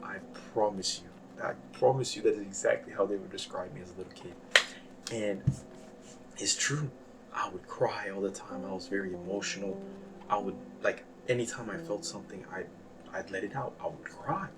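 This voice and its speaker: A young man with a fairly low voice rambles through a casual personal monologue. He mocks himself and swings from quiet, subdued talk to sudden loud bursts. Music plays clearly behind him. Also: normal speed, recorded from a distance. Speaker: vlogger. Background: background music.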